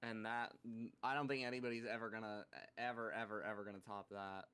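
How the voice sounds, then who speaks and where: A man's voice: on the low side, little pitch movement, fast talker, sharp tone, clean tone. A young man co-hosting a podcast, casually telling stories about his work, swearing freely and laughing at his own tales. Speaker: podcast co-host. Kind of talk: casual chat.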